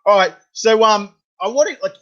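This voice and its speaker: A man's voice: high voice, moderate pace, a bit bright. An Australian man hosting a casual interview, chatty and stumbling, repeating his words. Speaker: podcast host. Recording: dull lo-fi sound.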